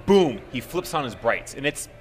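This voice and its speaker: A man co-hosting a podcast, telling a story in casual chat, animated and swearing freely as he acts out what others said. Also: mid-range voice, normal speed, soft background music. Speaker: podcast co-host.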